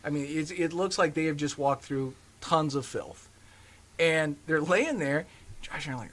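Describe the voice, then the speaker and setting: A podcast host with a fairly high-pitched male voice speaks at a normal pace. He tells stories in a casual, animated way and laughs often.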